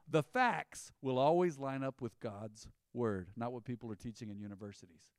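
A man's voice: mid-range voice, expressive, fairly quick, hardly any pauses, darkish tone, dry recording, clean studio sound. A man preaching a sermon as pastor, in an emphatic, conversational style with rising bursts.

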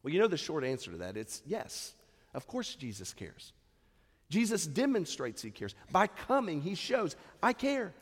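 Male pastor, lively, slightly high voice, conversational preaching in a long-reverb church hall. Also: moderate pace, slightly rough. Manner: conversational preaching with rhetorical questions. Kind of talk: sermon.

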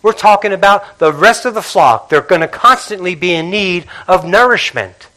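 Male pastor, sermon in church, slightly high, bright voice, surges loud then drops to hushed asides. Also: normal speed. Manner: impassioned preaching, swinging between loud emphasis and hushed intimacy.

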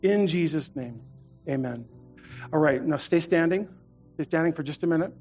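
A man's voice: fairly high pitch, a little fast. A man preaching a sermon as a guest in a church, earnest and leading the congregation to repeat phrases after him. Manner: earnest, leads congregation in call-and-response. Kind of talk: sermon with prayer. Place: church auditorium. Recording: muffled church recording with soft music.

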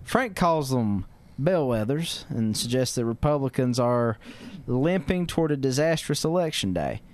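A man's voice: mid-range voice, expressive, a little slow, darkish tone, lightly acted. A man reading the part of a pompous older male newspaper columnist in a stiff, formal comedic dramatic reading.

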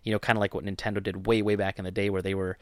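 A man's voice: fairly low pitch, flat delivery, rapid-fire, no room sound, clean studio sound. A man co-hosting a podcast, talking in a casual, rambling way with lots of fillers and jokes. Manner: rambling, filler-heavy, joking. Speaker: podcast co-host. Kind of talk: casual chat.

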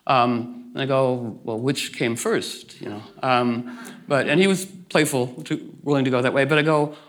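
A man's voice: medium pitch, steady tone, moderate pace. A man talking as a guest in a reflective conversation, meandering and playful, with many restarts and acted-out asides.

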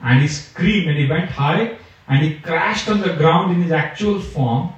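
A man, a spiritual teacher, telling a scripture story at a retreat in an animated way, recorded from a distant mic in a large echoey hall. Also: a little high, measured pace, highs cut off. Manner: animated storyteller, acting out characters.

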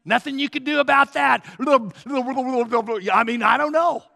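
A man's voice: very high voice, takes it slowly, vocal fry, sharp tone, big-room sound. A man preaching a sermon as pastor, emphatic and urging his listeners to write points down.

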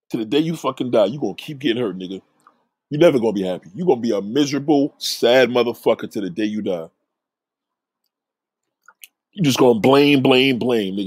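A man's voice: mid-range voice, darkish tone, slightly rough, no room sound. A man hosting a livestream, reading chat comments aloud and ranting at them in a preachy, profane, confrontational way.

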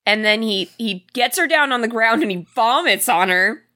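A woman co-hosts a casual movie chat, retelling scenes with animated energy. Her voice is bright and set a little high. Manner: animated retelling, quick laughs. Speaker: podcast co-host.

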